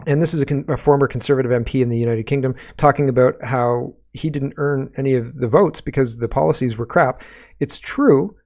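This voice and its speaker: A man's voice: mid-range voice, brisk, darkish tone. A man hosting a political commentary show, sarcastic and rambling, often tagging his points with a rhetorical question.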